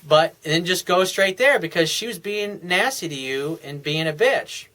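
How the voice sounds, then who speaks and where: A man with a somewhat high-pitched voice talks as a dating coach. He gives advice in a loose, frank monologue, swears freely and often restarts his sentences. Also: animated, moderate pace, bright, forceful tone. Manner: blunt, frank and profane, with frequent restarts.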